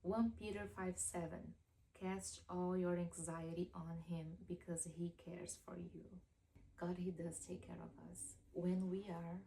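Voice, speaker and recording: A woman speaking to the camera in a heartfelt devotional talk, earnest and pleading, sometimes sinking into a soft whisper. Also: lowish voice, little pitch movement, measured pace, vocal fry, poor audio. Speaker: faith video speaker. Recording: faint background noise.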